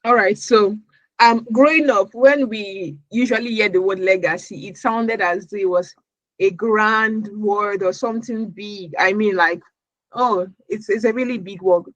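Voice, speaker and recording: A woman's voice: mid-range voice, measured pace, no room sound, highs cut off. A woman from Nigeria answering interview questions as a podcast guest, earnest, often repeating words as she searches for her phrasing.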